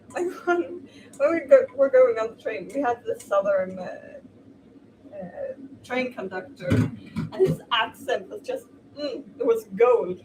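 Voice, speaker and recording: A young woman, chatting casually and exclaiming while she cooks. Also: medium pitch. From Sweden. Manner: chatty, exclamatory, laughs easily. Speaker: streamer. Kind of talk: casual chat while cooking. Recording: distant mic with noisy background.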